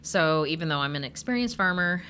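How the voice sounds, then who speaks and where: A woman's voice: deep voice, animated, brisk, pushed and bright, slight background noise. A woman who hosts a podcast and farms cut flowers, chatting casually and telling stories with frequent laughter. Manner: chatty storyteller, laughs often.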